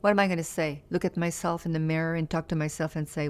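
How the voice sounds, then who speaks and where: Her voice sits low and her tone stays steady even as she talks fast. The speaker, a singer in her fifties whose native language is French, answers a sit-down interview earnestly and reflectively, repeating phrases for emphasis.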